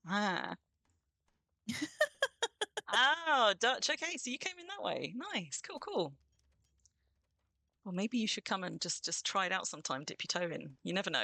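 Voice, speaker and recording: Bright, chatty woman streamer. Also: fairly low pitch, big pitch swings, normal speed, long pauses, dry recording. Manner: chatty and bubbly, greets viewers. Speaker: streamer hosting a game stream. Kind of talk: casual livestream chat.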